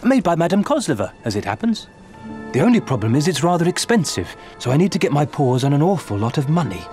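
An actor voicing a polite, earnest young male bear in a film clip, gentle and proper. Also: on the high side, big pitch swings, quick pace, faint music behind.

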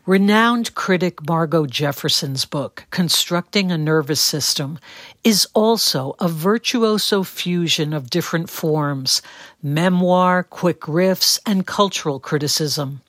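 A woman, a book critic, reading a scripted review in a measured, articulate way. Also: low voice, dry recording, studio quality.

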